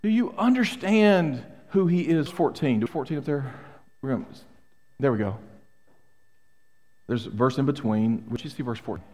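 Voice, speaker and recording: A man's voice: medium pitch, lively intonation, moderate pace, long pauses, a little mellow. Middle-aged guy preaching, punchy, keeps asking the congregation questions, big echoey church sound. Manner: emphatic, rhetorical questions to the congregation. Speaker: pastor. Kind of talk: sermon. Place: church sanctuary. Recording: long hall reverb.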